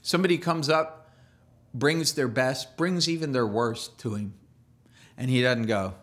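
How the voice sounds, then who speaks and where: A man's voice: medium pitch, expressive, moderate pace, fairly bright tone. A man preaching a sermon as a pastor, in a loose conversational way with restarts and playful asides.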